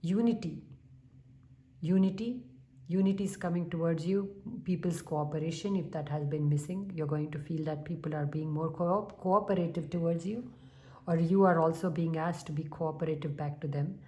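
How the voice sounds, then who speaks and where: A tarot reader with a low, mellow voice gives viewers a spiritual reading. She stays calm and unhurried, filling her pauses with soft humming.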